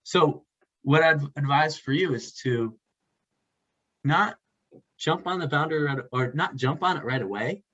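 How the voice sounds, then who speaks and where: A man co-hosting a casual advice chat, halting and searching for words as he explains. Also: a little high, lively intonation, sharp tone. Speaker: podcast co-host. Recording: dull lo-fi sound.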